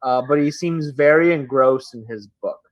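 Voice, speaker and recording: Casual dungeon master narrating. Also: male voice, medium pitch, normal speed, no echo, dull audio. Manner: casual, full of "like" and "um". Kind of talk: narrating a tabletop game.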